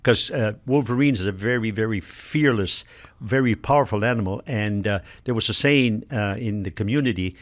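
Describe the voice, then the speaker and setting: A man's voice: lowish voice, moderate pace. Older man patiently explaining words. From Nova Scotia, Canada. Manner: patient, explains word by word with examples. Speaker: elder and linguist guest. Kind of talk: explanatory radio conversation.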